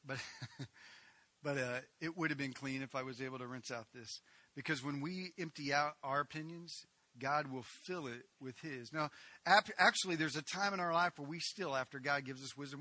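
A middle-aged man preaching a sermon, moving from loud proclaiming to quiet, halting storytelling full of restarts. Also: a little high, dry recording. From United States. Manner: animated storyteller with many restarts and stammers. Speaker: pastor.

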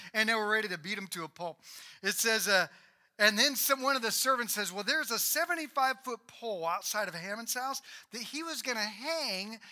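A man preaching, his voice high for a man and very bright and ringing. He tells the story with energy, acting out the characters as he goes. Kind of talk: sermon.

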